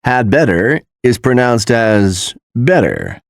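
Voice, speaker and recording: A man announcing textbook audio tracks and pronunciation notes in a slow, deliberate, instructional manner. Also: on the low side, big pitch swings, no room sound, clean studio sound.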